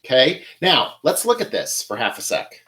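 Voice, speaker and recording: Man, live tutorial host, chatty, repeats tips, middle pitch, faint noise. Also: huge pitch swings, normal speed, pushed and bright. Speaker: florist host.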